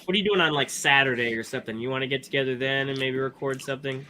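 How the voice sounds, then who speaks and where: A man co-hosting a podcast, talking about movies in a loose, rambling way and often restarting his sentences. His voice is bright and forward. A faint hiss sits behind him. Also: mid-range voice, very fast. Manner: animated, rambling, lots of restarts and fillers. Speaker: podcast co-host. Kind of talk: casual movie review chat.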